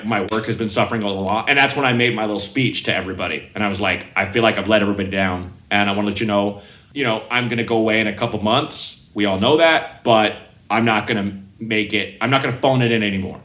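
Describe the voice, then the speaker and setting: A man's voice: lowish voice, fast talker, bright, forceful tone, reverberant, poor audio. A man, a comedian guest, telling rambling anecdotes on a casual podcast and often acting out the people in them. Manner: rambling, self-interrupting anecdotes with quoted voices.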